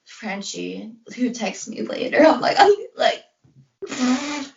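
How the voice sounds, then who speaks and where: Gravelly young woman telling a story. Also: on the high side, lively intonation, takes it slowly. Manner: rambling, heavy use of "like", acts out quotes. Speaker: podcast co-host. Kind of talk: casual storytelling chat. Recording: roomy, distant, dull lo-fi sound.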